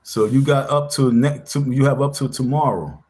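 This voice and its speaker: A man's voice: mid-range voice, moderate pace, darkish tone, slight background noise. A man hosting a casual livestream, talking in an insistent, confrontational way and repeating himself for emphasis. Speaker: livestream host.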